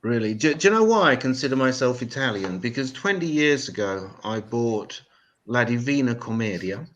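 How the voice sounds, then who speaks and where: An English man hosting a stand-up comedy show, talking to the audience with sarcastic, swearing asides and deadpan jokes, on a stage mic in a live venue. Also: medium pitch, moderate pace, highs cut off.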